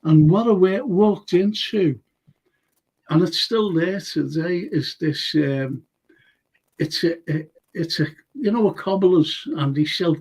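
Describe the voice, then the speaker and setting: An older male host tells a rambling story full of "you know"s. His voice sits high, with a gravelly, husky edge. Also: slow, darkish tone. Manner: rambling anecdotes with many fillers. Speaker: show host. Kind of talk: casual chat, storytelling.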